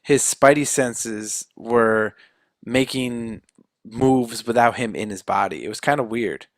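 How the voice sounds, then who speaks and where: A man's voice: mid-range voice, slow, no room sound, studio quality. A man co-hosting a podcast, loosely retelling a story and acting out quotes, with fillers. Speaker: podcast co-host. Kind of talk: casual chat.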